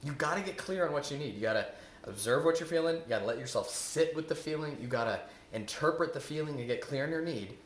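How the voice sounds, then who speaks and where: A man's voice: a little high, animated, fast, slight background noise. A man coaching viewers in a self-help lesson, earnest and repetitive, often asking rhetorical questions. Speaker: eating coach. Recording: echoey room.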